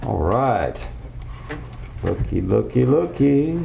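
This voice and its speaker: A man's voice: lowish voice, moderate pace, muffled recording, very noisy. A man casually talking viewers through a car part install, upbeat and folksy. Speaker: car enthusiast vlogger. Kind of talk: casual how-to talk.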